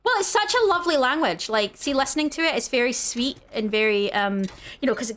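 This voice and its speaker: A woman's voice: high-pitched, animated, a little fast, fairly bright tone. Chatty Scottish woman gaming. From Scottish Highlands. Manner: rambling, many fillers and restarts. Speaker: gaming channel co-host. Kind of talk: casual chat while gaming.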